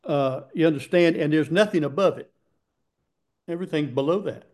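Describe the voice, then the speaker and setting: A man preaching a sermon, getting excited and repeating scripture lines for emphasis. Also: a little high, moderate pace.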